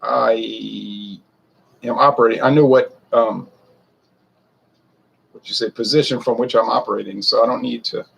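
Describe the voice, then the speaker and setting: A man's voice: mid-range voice, fairly even intonation, normal speed, vocal fry, long pauses, fairly bright tone, breathy edge. A man in his forties who reviews whiskey, rambling and a bit defensive as he talks straight to his viewers. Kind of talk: casual talk to camera.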